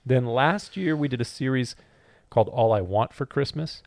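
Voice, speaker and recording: A man co-hosting a casual podcast, playful and quick to joke. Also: mid-range voice, a little mellow, dry recording, studio quality. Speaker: podcast co-host.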